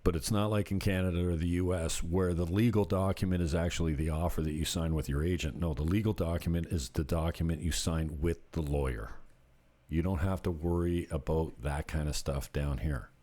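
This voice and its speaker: In his vlog, a middle-aged man who works in real estate tells meandering, joking stories with laughter mixed in. He speaks briskly in a low, mellow voice with fairly even intonation.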